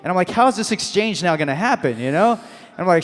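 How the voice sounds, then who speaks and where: A man's voice: high voice, quick pace, big-room sound. A man telling a comic anecdote as a guest on a convention panel, acting out voices and laughing as he goes. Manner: animated storyteller, acts out voices, laughs mid-story. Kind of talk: comic anecdote to a live audience.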